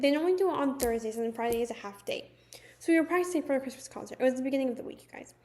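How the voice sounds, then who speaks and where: Chatty teen girl with a high voice. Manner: chatty, keeps addressing viewers as you guys. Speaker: vlogger. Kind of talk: storytime vlog.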